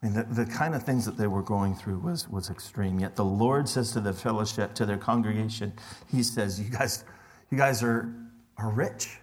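Conversational, lower-voiced male pastor preaching. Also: normal speed. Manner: conversational, drops to hushed tones for emphasis. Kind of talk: sermon.

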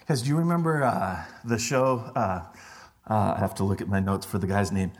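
Pastor, man, middle-aged, somewhat low voice; chatty sermon delivery with hushed emphasis. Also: moderate pace. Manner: conversational, drops to hushed tones for emphasis.

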